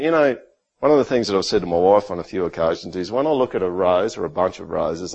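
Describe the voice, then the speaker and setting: Lively, joking man preaching a sermon. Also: mid-range voice. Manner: animated, jokey, acts out his son's lines. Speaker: pastor.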